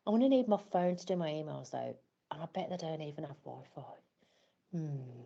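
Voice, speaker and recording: Low gravelly woman telling a story. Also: expressive, fairly quick, mellow, muffled recording. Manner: wry, self-deprecating storytelling. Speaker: parent in a training scenario. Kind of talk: scripted first-person story monologue.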